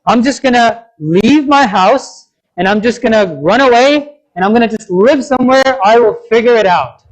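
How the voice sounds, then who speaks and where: A man's voice: very high voice, animated, moderate pace, poor audio. A preacher acting out a frustrated young man who complains and vents in exasperation. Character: frustrated young male college dropout.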